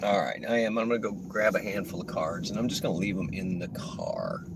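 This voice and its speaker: A man with a lowish voice rambles casually as he drives, cracking jokes and tossing in silly voices. He talks into a phone in a moving car. Loud road and engine noise rolls under everything he says. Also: very animated, a little fast, gravelly, far from the mic. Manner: rambling, jokey, slips into silly impressions. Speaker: rideshare and delivery driver streaming. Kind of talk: casual live-stream chat while driving. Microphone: phone used for streaming.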